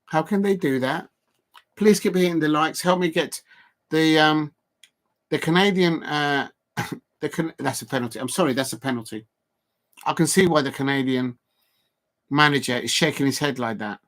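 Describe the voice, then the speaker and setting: An excitable middle-aged man does live watch-along commentary of a football match, reacting to the play, reading out chat and addressing viewers directly in a loose, chatty way. His voice is a little high at a normal pace, with long pauses.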